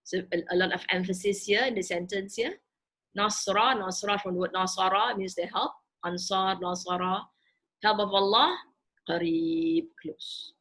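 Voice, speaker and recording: A woman with a husky, slightly breathy voice teaches a recorded grammar lesson. She explains each term slowly, word by word, pausing often and restarting her phrases. Her pitch sits in an ordinary middle range. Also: steady tone, fairly bright tone, poor audio. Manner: halting, explaining word by word with many fillers and restarts. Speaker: Quranic Arabic teacher.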